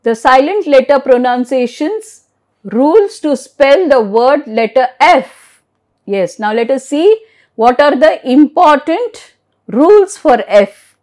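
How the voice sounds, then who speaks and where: A woman's voice: high voice, expressive, takes it slowly, a little mellow. A woman from India teaching an online English lesson, spelling words letter by letter and often checking in with "okay?".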